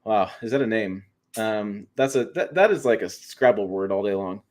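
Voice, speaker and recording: A man's voice: lowish voice, animated, moderate pace, darkish tone. A man co-hosting a truck livestream, chatting casually and rambling with frequent restarts and fillers. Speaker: co-host of a truck show.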